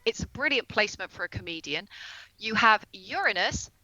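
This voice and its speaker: Woman guest, bright, earnest explainer, lo-fi mic. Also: medium pitch, animated, no room sound. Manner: explains earnestly, slows down on key terms. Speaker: astrologer guest on a comedy podcast. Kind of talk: casual podcast conversation.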